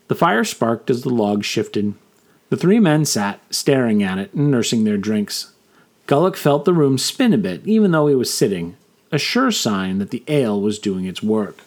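Storyteller man reading fantasy fiction, mid-pitched, scripted. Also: animated, normal speed, darkish tone. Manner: reads all characters himself. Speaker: narrator.

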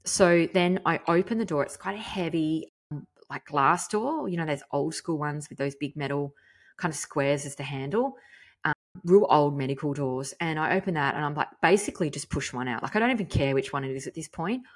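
A woman, a mother telling a story in a frank, chatty, animated way. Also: low voice, a little fast. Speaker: podcast host. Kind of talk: casual storytelling monologue.

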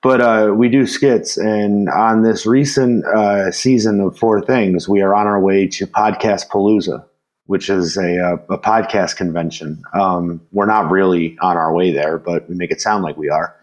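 A man with a fairly low voice hosts a laid-back podcast chat. He tells long, meandering stories, circling back on himself and chuckling along the way. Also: fairly even intonation, measured pace, dull audio. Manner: rambling storyteller, restarts often, chuckles. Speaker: podcast host.

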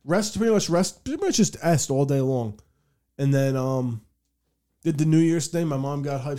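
A man's voice: mid-range voice, lively intonation, moderate pace, dark tone. A young man, hosting a podcast and rambling through a profane story with laughs. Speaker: podcast host. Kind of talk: casual storytelling chat.

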